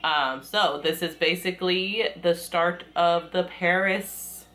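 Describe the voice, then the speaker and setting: A woman's voice: lowish voice, a bit bright. Giggly chatty young woman recapping a show. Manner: chatty, giggly, acts out characters' lines in quick voices. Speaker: TV recap vlogger. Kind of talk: casual recap chat.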